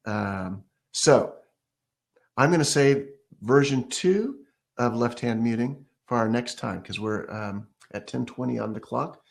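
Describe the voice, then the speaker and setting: A man's voice: medium pitch, measured pace, creaky. A man giving a casual ukulele lesson, explaining step by step and counting beats or scatting rhythms aloud as he plays. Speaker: ukulele teacher. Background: ukulele playing.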